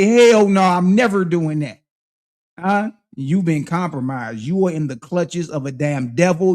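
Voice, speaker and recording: A man hosting a livestream, preaching and confronting his critics in heated, slang-heavy commentary. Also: high voice. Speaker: livestream host.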